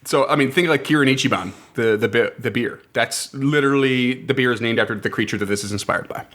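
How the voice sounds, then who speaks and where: A man's voice: medium pitch, fast talker, fairly bright tone. A man from eastern Canada co-hosting a podcast, chatting in an upbeat way and laughing often. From East Coast Canada. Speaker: podcast co-host presenting lore. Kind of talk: casual podcast chat.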